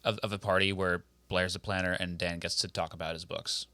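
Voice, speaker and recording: A man's voice: deep voice, level tone, brisk, pushed and bright, no room sound, clean studio sound. A man co-hosting a podcast in a casual chat, making wry jokes about the show. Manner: wry jokes, laughs at co-host. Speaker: podcast co-host.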